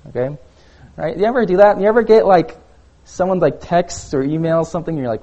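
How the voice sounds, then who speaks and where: A young man delivers a casual sermon as a youth pastor, his voice sitting a little high. He talks conversationally, leaning on filler words as he tells personal stories. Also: fast talker, warm tone.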